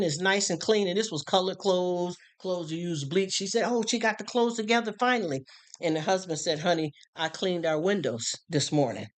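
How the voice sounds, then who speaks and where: Conversational street-style preacher. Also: mid-range voice. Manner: conversational, repeatedly checks in with listeners. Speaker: live-stream preacher.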